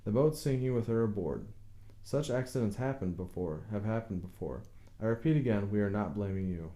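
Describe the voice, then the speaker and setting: A man's voice: fairly low pitch, lively intonation, brisk, dark tone, lightly acted. A man reading a formal, patient coroner. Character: measured official middle-aged male coroner. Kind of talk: audiobook character reading.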